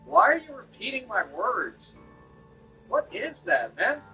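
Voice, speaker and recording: A man's voice: extremely high pitch, very animated, measured pace, slightly rough, dull audio, soft background music. A man streaming while he delivers a confrontational, boastful rant at an online critic.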